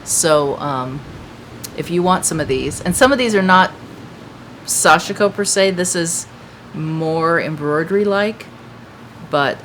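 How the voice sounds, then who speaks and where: An American woman who hosts a craft shop channel chats casually with viewers from an outdoor patio, rambling and using lots of fillers. Her voice sits low with a fairly bright tone. The recording is low quality, with slight background noise.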